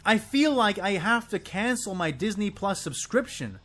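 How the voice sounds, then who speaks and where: Over faint background music, this video creator vents about a show in a sing-song, somewhat bright voice at normal speed. His solo rant is exasperated and full of swearing and sputtering, the pitch climbing high and swooping around.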